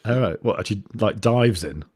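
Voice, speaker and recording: A man with a lowish voice talks as a podcast guest, keeping an even, understated tone and stumbling through frequent restarts. His voice sits close and dry, with no room around it. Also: brisk, slightly rough, no room sound. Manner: even-toned, understated, hesitant with many restarts. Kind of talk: casual podcast chat.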